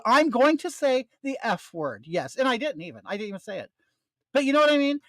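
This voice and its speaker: An older man telling his audience a story in a casual, animated way, with plenty of swearing and a ranting edge. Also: very high-pitched, fairly quick, no echo.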